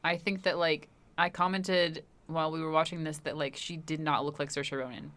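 A woman's voice: deep voice, steady tone, normal speed, fairly bright tone. A young woman co-hosting a podcast, chatting casually about a film with a dry, matter-of-fact manner and reading out review scores. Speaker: podcast co-host.

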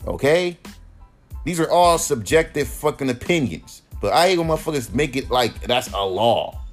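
A man's voice: medium pitch, animated, normal speed, faint music behind. A man who raps hosts his own podcast, ranting in a heated, profane, emphatic way. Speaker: rapper and podcast host. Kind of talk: solo podcast rant.

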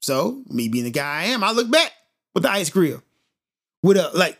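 A man's voice: high-pitched, normal speed. Emphatic man telling a story. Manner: animated, emphatic, repeats points for effect. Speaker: podcast host. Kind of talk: storytelling monologue.

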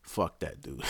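Speaking casually to his own channel, a vlogger with a very low, husky voice goes on a rambling rant heavy with profanity. He restarts sentences often and swears constantly, and the sound is dry and close with no room echo.

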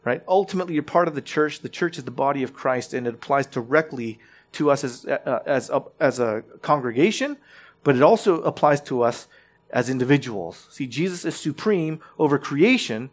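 A man's voice: medium pitch, animated, moderate pace. A man preaching a sermon in a conversational teaching manner, often checking in with his listeners and restarting his phrases.

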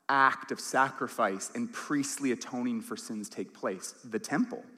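A male pastor delivers an earnest, emphatic sermon and gives quoted lines their own voice. His voice sits at a middle pitch. The sound carries a long reverb from a large church hall. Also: a bit bright.

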